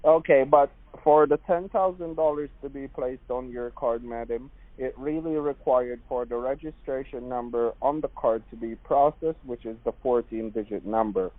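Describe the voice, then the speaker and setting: A man with a Jamaican accent making a pushy phone pitch, repeatedly calling the listener madam and sweetheart. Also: normal speed, few pauses, no echo. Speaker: phone scammer. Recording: dry tinny phone line.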